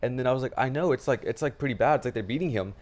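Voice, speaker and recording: Animated swearing podcast guy. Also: mid-range voice, very fast. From Hispanic family in the United States. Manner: animated, swears freely, acts out quotes. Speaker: podcast co-host. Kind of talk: casual chat.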